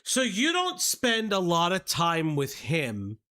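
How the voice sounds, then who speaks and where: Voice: mid-range voice, wildly swooping pitch, slow, pushed and bright. A commentary host reacting to a played clip with blunt, impatient, swearing asides.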